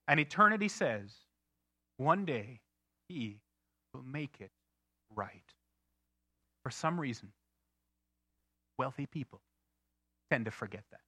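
A married man preaching a sermon, swinging from loud outbursts to hushed, slow emphasis. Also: sits high, no room sound, clean studio sound. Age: adult, married. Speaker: pastor.

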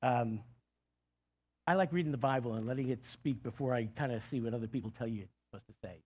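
A man with a husky, slightly breathy voice delivers a sermon at a middle pitch. He talks conversationally and with energy, often restarting phrases as he explains the scripture. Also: fast talker, a little mellow. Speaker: pastor.

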